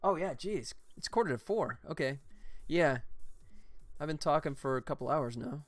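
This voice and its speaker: A man's voice: on the high side, expressive, moderate pace, no echo. A man streaming his game development, chatting casually, laughing often and thinking aloud as he works. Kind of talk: casual livestream chat while building levels.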